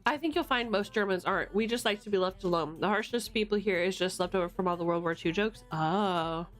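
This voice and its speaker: Loud, chatty American woman streamer. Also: medium pitch, faint music behind. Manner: loud, chatty, swears freely, quick to laugh. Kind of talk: casual livestream chat with viewers. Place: home room at a desk. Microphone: streaming mic.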